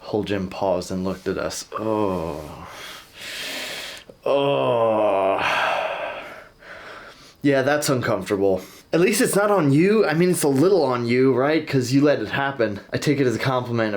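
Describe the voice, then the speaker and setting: Animated, jokey male reaction host. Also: mid-range voice. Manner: animated, jokey, jumps into shouted bits and mock voices. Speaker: host reacting to online stories. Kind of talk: casual reaction commentary.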